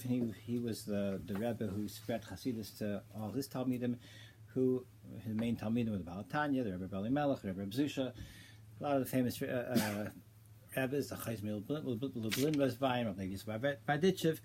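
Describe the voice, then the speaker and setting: This informal Torah class comes from a teacher with a medium-pitched voice, recorded with a slight hiss or hum. He narrates a story casually, stumbling and restarting often, using Hebrew and Yiddish terms and getting animated as his argument builds.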